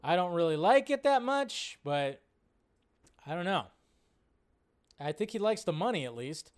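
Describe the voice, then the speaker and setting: A man's voice: high-pitched, big pitch swings, a little slow. A man hosting a casual live-stream chat, rambling and often cutting himself off as he reads out viewer questions. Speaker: host.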